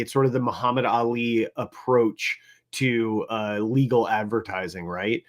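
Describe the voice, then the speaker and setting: A man's voice: fairly low pitch, fairly even intonation, measured pace. A man co-hosting a casual panel talk, making his case analytically and often checking in with "right?". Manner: analytical, keeps tagging points with "right?". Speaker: co-host.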